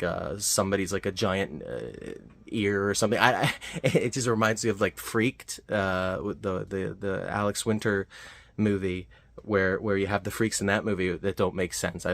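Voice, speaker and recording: A man giving a casual spoken film review, rambling with frequent fillers and restarts. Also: low-pitched. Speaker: movie reviewer.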